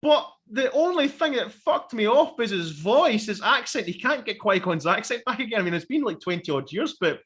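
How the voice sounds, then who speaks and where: A man, co-hosting a casual review chat, animated and sweary, acting out quotes. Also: high voice, moderate pace, hardly any pauses. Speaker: podcast co-host.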